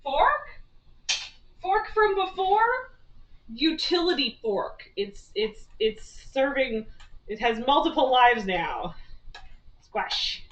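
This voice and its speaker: A woman's voice: sits high, very animated, slow pace, long pauses, echoey room, far from the mic, rough recording. A woman streaming from her home kitchen, chatting casually and laughing often while she baby-talks to her cat. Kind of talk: casual live-stream chat while baking.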